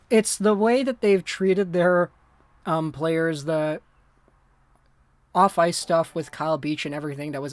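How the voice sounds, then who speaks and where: Woman streamer, mid pitch, reacts live and talks to her chat; excitable, jumps between mumbling and shouting disbelief; dry, close sound. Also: dry recording. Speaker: livestream host.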